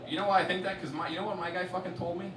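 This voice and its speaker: A young man from Miami doing a stand-up comedy set, swearing a lot and swinging from muttered asides to loud bursts. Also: high voice, level tone, rapid-fire. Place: large live comedy venue with audience. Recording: roomy, distant live stage recording with loud crowd noise.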